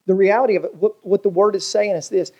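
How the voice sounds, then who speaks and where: A man, a pastor preaching a sermon in a folksy, storytelling way with big swings in pitch. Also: fairly even intonation, quick pace, warm tone, breathy edge. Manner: folksy storytelling preacher, swooping pitch, colloquial Southern grammar.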